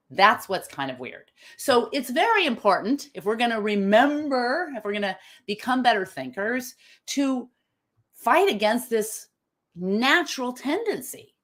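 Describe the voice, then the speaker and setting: A woman hosting a live online talk, emphatic and animated, asking her audience questions as she goes. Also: medium pitch. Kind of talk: lively live-stream talk.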